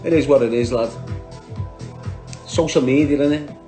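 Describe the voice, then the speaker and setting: A man's voice: mid-range voice, moderate pace, mellow, soft background music. A man with a Liverpool Scouse accent, talking on a livestream, bluntly and combatively answering viewers by name. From Liverpool, England.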